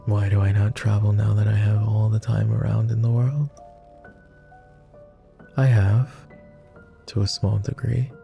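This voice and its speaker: A man voicing a jaded, tender immortal vampire in a whispered role-play, with a posh British accent and a slow, gentle, teasing manner. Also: level tone, soft background music. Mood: wistful. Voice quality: low, gravelly and soft.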